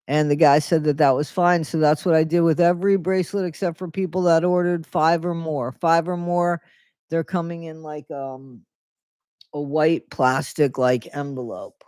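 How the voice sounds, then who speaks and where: A man's voice: on the high side, darkish tone, smooth, no room sound, clean studio sound. A man hosting a casual morning livestream, greeting viewers by name in a loose, rambling way. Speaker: livestream host.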